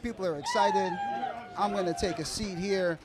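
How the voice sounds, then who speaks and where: Energetic male emcee, higher voice. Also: normal speed. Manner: energetic, hypes the crowd. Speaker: host. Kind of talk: live show emcee.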